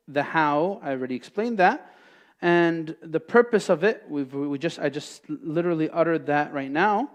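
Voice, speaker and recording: A man teaching a class at a mosque, explaining each point by asking questions and answering them himself. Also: a little high. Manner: explanatory, asks and answers his own questions. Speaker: Islamic teacher. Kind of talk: classroom lecture.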